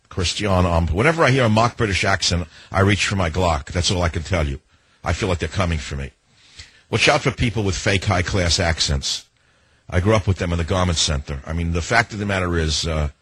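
Brief: older male talk radio host, very low and husky, dry close sound, sardonic and emphatic, repeats himself. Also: fairly bright tone, no echo. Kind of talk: political talk radio monologue.

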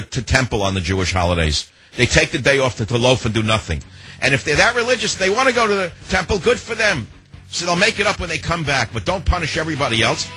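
A man's voice: medium pitch, sharp tone, breathy edge, no room sound, low-quality recording. A man hosting a talk radio show, ranting in an opinionated monologue full of emphatic rhetorical questions, into a studio microphone.

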